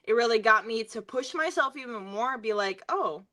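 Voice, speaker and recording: Young woman, singer guest, casual storytelling, filler-heavy, bright tone. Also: fairly high pitch, normal speed. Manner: chatty, filler-heavy, laughs often while telling stories.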